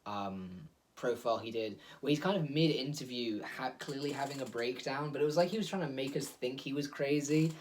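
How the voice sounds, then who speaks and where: A man's voice: mid-range voice, brisk, hardly any pauses, a little hiss or hum. A man hosting a casual solo monologue, rambling and digressive, full of fillers and laughs, recorded on a phone. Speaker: host.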